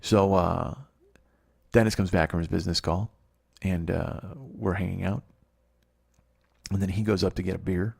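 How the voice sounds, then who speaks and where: A man's voice: sits low, fairly even intonation, normal speed, gravelly, long pauses, slightly rough. A man in his late forties telling a story alone as a podcast host, profane and worked up, with sarcastic asides, recorded in a basement. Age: 40s. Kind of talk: solo storytelling rant. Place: basement, speaking quietly so as not to wake others.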